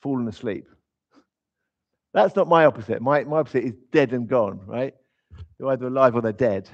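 A man's voice: mid-range voice, normal speed, a little mellow. A man with a mid-range voice preaches a conversational sermon, emphatic and dotted with humorous asides. The recording sounds slightly dull and lo-fi.

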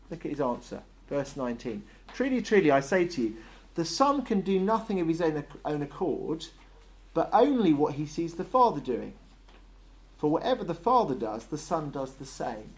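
A man's voice: a little high, big pitch swings, moderate pace, a little mellow. Conversational male preacher. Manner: conversational, acts out short voiced dialogues. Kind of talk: sermon.

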